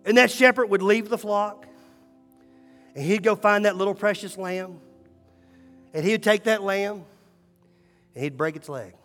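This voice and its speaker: A pastor preaching a sermon, moving between hushed, slow passages and rising, emphatic calls. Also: male voice, high-pitched, faint music behind. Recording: long hall reverb.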